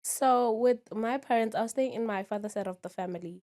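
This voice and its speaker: A woman's voice: on the high side, a little fast, darkish tone. A woman in her twenties, a podcast guest, talking candidly and often checking in with the listener. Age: 20s. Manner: candid, keeps asking "you understand?". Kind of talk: casual interview.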